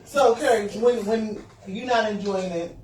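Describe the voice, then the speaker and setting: A woman's voice: medium pitch, unhurried, background noise. A woman hosting a podcast in casual chat, asking probing, teasing questions. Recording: echoey room, far from the mic.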